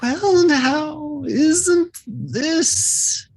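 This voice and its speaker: A woman voicing a strange, formal male creature that speaks in slow, archaic phrases. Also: high voice, lively intonation, voice pushed up, full character voice. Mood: curious. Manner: grandiose, slow archaic speech. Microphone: video call.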